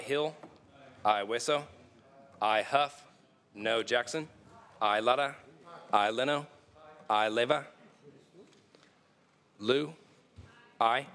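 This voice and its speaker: A man working as a legislative reading clerk, calling the roll in slow, measured tones in a large chamber. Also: medium pitch, fairly bright tone. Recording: reverberant chamber audio.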